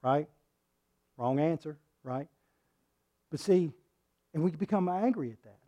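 A male preacher delivering a sermon, reading scripture and swinging between loud, forceful passages and hushed ones. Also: on the high side, unhurried, lo-fi sound. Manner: reads scripture aloud and acts out quoted lines.

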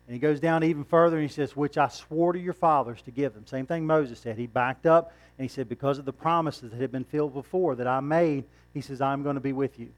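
A man's voice: a little high, brisk, few pauses, faint music behind. A man preaching a sermon in a conversational way, asking rhetorical questions and chuckling now and then.

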